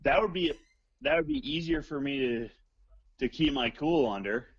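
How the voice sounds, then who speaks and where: A man's voice: medium pitch, huge pitch swings, moderate pace, vocal fry, husky, dry recording. A man calling in to a talk show, rambling and joking crudely. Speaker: caller guest. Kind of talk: casual phone chat. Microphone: phone line. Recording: dull lo-fi phone line.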